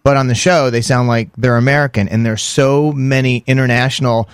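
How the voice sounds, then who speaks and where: A man co-hosting a morning radio show, chatting at length and telling stories with animated asides. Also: mid-range voice, a little fast, smooth, dry recording, clean studio sound.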